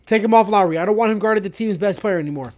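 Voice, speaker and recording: A man hosting a live basketball reaction, talking to the players on screen and swinging from loud excitement to muttered asides. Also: high voice, very fast. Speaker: sports reaction host. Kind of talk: live game reaction commentary.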